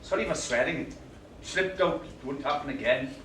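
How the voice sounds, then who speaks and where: Male actor as a gruff, swearing old grump, high and sharp, caught live from far off in an echoey theatre. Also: moderate pace, slight background noise, lightly acted. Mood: irritable. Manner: gruff, complaining, swearing, bossy. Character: cantankerous older British man in hospital waiting room. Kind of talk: live stage monologue. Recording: roomy live stage sound, distant mic.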